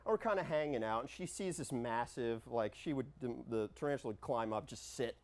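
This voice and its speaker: A man telling a rambling comic story from his own life, acting out what he and others said in lively voices. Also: medium pitch, fairly quick. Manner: rambling, animated, quotes himself in lively voices. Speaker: improv storyteller.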